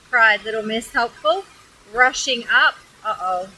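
An Australian woman reads a children's picture book aloud outdoors by a waterfall. Her voice is high and bright, and she reads in an animated, expressive way. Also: normal speed, low-quality recording. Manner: animated, expressive storybook reading. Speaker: storyteller.

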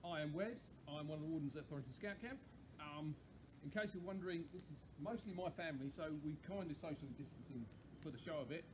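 A man's voice: fairly high pitch, background noise. A man, a campsite warden, cheerfully hosting a campfire sing-along outdoors. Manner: cheerful, chatty, quick asides.

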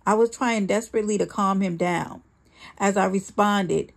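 A woman narrates a first-person memoir in a dramatic, earnest way. Her voice has a gravelly fry at mid pitch. It is a steady audiobook reading. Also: normal speed. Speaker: audiobook reader.

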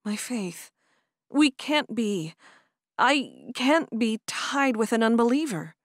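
A woman reading a torn young Amish woman, nervous and earnest in a storybook romance. The lines come dry and close with a lively lilt. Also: fairly high pitch, slow pace, dry recording. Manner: hesitant, earnest.

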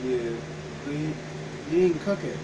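A co-host of a gaming channel chats casually over gameplay, his voice a little high and his pace moderate. He tells rambling, profane stories. The mic is distant, with background hum.

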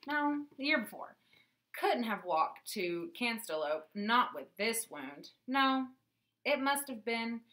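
A woman's voice: on the high side, very animated, slow, a bit bright, exaggerated voice. A woman voicing a bumbling, forgetful old male knight who teaches and rambles self-importantly. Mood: rambling.

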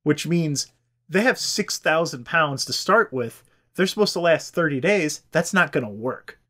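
A man's voice: fairly high pitch, animated, measured pace, fairly bright tone. Irreverent, cussing man telling a story. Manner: irreverent, swears freely, does silly voices. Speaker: podcast host. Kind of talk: casual comedic storytelling.

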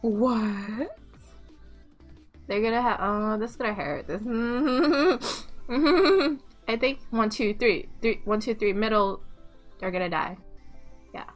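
A woman giving live gameplay commentary, excitable, swearing and laughing, with squeals when things heat up. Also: fairly high pitch, slow pace, pauses often, soft background music. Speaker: game streamer.

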